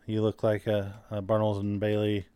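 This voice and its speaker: A man co-hosting a casual podcast, teasing his partner and rambling through plans with plenty of "uh" and "um". His voice is smooth and clear, and it sounds close and dry with no room around it. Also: lowish voice, completely flat delivery, moderate pace, dark tone, no echo. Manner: joking, rambling with fillers and restarts. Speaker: podcast co-host.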